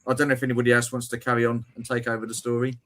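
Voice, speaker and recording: Bright-voiced co-host, a little hoarse. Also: male voice, mid-range voice, completely flat delivery. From United Kingdom. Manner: chatty storyteller, quick asides and swearing. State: slightly hoarse. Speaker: livestream co-host. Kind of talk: casual livestream chat.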